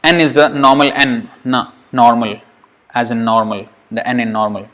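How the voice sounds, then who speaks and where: Teacher, male, mid-pitched, informal lesson pace, repeats syllables patiently. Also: fairly even intonation, a bit bright. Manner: repeats sounds slowly, thinks aloud, chuckles. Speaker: Sanskrit pronunciation teacher. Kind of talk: informal lesson drilling sounds.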